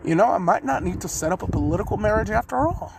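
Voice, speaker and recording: A man's voice: sits high, expressive, fast, vocal fry, background noise, pitched above the performer's own voice. A man voicing a protective big-brother village leader who talks bluntly, crudely and with threats. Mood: gruff.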